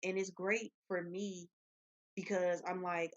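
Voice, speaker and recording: A young woman talking straight to her audience in a blunt, profane, animated way. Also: on the low side, takes it slowly. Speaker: vlogger. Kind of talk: casual rambling monologue. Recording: dull lo-fi sound.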